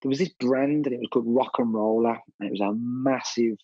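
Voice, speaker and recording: Husky DJ telling stories bluntly. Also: male voice, mid-range voice, a little fast, no room sound, muffled recording. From Birmingham, England. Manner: animated, blunt storyteller with lots of "you know" and "mate". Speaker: DJ and guest. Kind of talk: casual storytelling interview.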